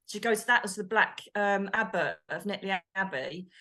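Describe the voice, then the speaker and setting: A woman co-hosting a chat show, telling a story in an animated way and acting out the quotes. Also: mid-range voice, moderate pace. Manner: animated, acts out quotes, exclaims. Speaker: co-host, medium.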